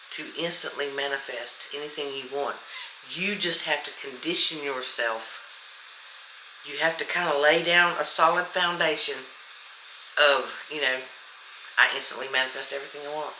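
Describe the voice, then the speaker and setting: A woman's voice: low voice, reverberant, noisy background. A woman coaching viewers in casual motivational talk, blunt and to the point, repeating affirmations. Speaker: manifestation coach.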